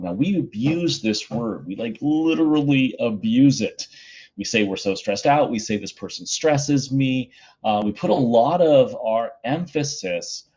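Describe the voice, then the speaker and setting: A middle-aged male high school teacher giving a casual, chatty recorded lesson from home, with plenty of fillers. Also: darkish tone, breathy edge, lo-fi sound.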